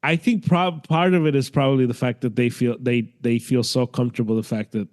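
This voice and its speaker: A man co-hosting a podcast in casual chat, halting and restarting as he thinks aloud. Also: medium pitch. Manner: halting, restarts, animated asides. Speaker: podcast co-host.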